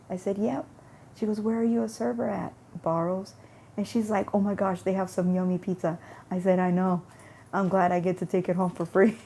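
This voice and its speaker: Gravelly-voiced woman telling a story. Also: medium pitch, mellow, slight background noise. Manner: rambling, repeats words, acts out dialogue. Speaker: vlogger. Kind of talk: casual storytelling about faith.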